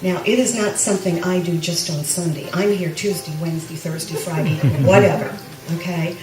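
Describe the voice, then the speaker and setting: A woman's voice: on the low side, moderate pace, music in the background. A woman giving a chatty personal testimony to a church congregation, with self-deprecating humor. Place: church sanctuary. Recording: echoey room, mic from a distance.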